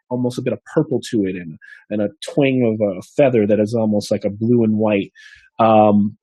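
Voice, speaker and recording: A man's voice: mid-range voice, mellow, no echo. A man narrating as game master of a tabletop game, rambling with many restarts.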